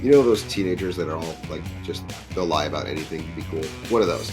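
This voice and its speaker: A man with a fairly low voice tells a true story in a casual, conversational way. He is lively and jumps into other people's lines with a raised voice. Soft music plays faintly behind him. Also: fast. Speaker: podcast guest storyteller.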